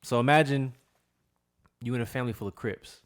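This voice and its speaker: A man's voice: medium pitch, a little fast. A man co-hosting a casual podcast, explaining ideas step by step. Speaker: podcast co-host. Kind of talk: casual chat.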